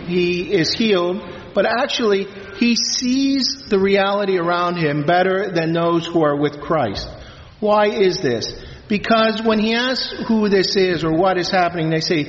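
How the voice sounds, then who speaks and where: Priest guy reading scripture then preaching, solemn and measured, big church echo, muffled sound. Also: sits high. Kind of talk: liturgical reading and sermon. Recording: reverberant church, dull lo-fi sound.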